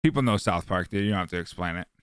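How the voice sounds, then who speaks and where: A man's voice: low-pitched, animated, rapid-fire, clear, resonant tone, no room sound, clean studio sound. A laid-back man co-hosting a podcast in casual chat, talking bluntly.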